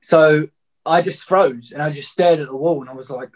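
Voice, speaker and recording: A man's voice: a little high, moderate pace. A young man recounting a story in loose, blunt, casual talk, swearing freely and leaning on filler words. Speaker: guest telling a story.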